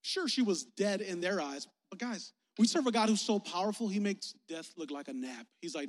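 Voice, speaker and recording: A man's voice: sits high, brisk. A young man preaching a casual, playful sermon as youth pastor, talking with his listeners. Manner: playful, conversational, engaging the audience. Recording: echoey hall.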